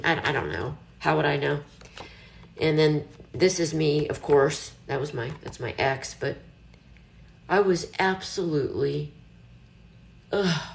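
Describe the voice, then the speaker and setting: A woman's voice: low voice, creaky. A middle-aged woman chatting casually on a live stream, rambling and reassuring herself as she talks. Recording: echoey room.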